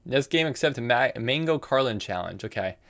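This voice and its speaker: A man's voice: medium pitch, lively intonation, normal speed, vocal fry, fairly bright tone. A man streaming online chess, chatting casually and thinking aloud about his moves while answering viewers. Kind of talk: casual live-stream game commentary.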